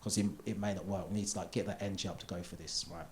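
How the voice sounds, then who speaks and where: A British man in his thirties doing live stand-up, chatty and confessional, building up to loud punchlines. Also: low voice, steady tone, very fast, a little hiss or hum. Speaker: stand-up comedian. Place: theatre stage.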